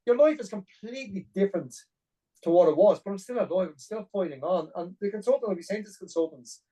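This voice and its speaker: A man's voice: high voice, expressive, fast, warm tone, recorded from a distance, poor audio. A middle-aged man telling his own story as a podcast guest, blunt and earnest, with plenty of "like" and "you know". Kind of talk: personal storytelling interview.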